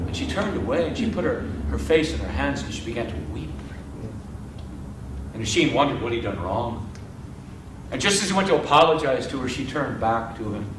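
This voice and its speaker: A man's voice: fairly high pitch, fairly bright tone, a little hiss or hum. Male storyteller, roomy and distant. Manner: dramatic, addresses the audience. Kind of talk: live oral storytelling. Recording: roomy, distant live mic.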